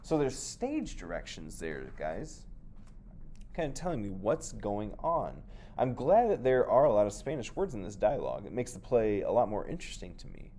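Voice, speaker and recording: A man's voice: lowish voice, big pitch swings, moderate pace, mellow, a little hiss or hum. A man teaching a class, reading a play aloud and thinking aloud about the text.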